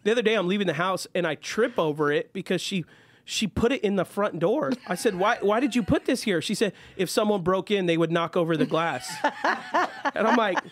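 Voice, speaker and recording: A young adult man co-hosting a podcast, telling stories in a lively way and laughing often. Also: high voice, brisk. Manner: animated storyteller, laughs often. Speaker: podcast co-host. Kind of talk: casual chat.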